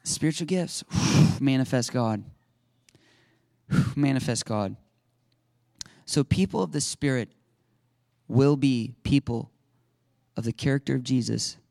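A man preaching a lively sermon as a pastor, acting out little scenes and laughing now and then. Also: medium pitch, slow pace, vocal fry, pauses often, no room sound, studio quality. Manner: animated, acts out little voices and laughs often.

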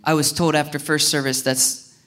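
High-voiced, animated preacher man from Ohio. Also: normal speed. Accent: Southern Ohio. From Southern Ohio. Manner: animated, acts out little dialogues in voices; casual, conversational preaching with restarts. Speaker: pastor. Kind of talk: sermon.

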